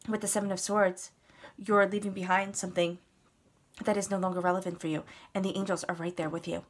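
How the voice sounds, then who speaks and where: A woman's voice: mid-range voice, little pitch movement, a little fast. A woman giving a casual, earnest tarot reading, talking straight to the listener and repeating words for emphasis. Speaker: tarot reader.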